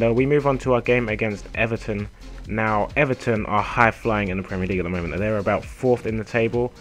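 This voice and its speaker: Male gaming commentator, slightly ill and raspy, casual and chatty, rapid delivery with lots of fillers. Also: medium pitch. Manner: chatty, laid-back, many ums and uhs. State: a little ill, hoarse.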